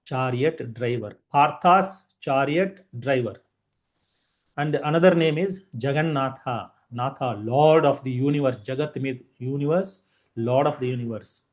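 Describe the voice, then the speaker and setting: A man giving a devotional discourse, telling stories in an animated way. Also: medium pitch, a little slow. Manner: animated storytelling with Indian English phrasing. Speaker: spiritual teacher.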